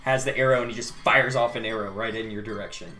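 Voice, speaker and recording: A man's voice: fairly low pitch, steady tone, fast talker, echoey room, background noise. A man narrating as game master in a tabletop game, laughing often and talking loosely with many "like"s.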